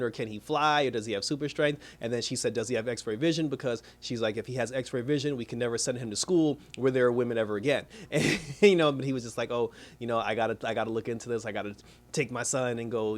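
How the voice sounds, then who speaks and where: A man talks quickly and loosely through a spoiler review. He rambles, laughs often and slips into characters' lines as he retells scenes. His voice sits at an ordinary middle pitch.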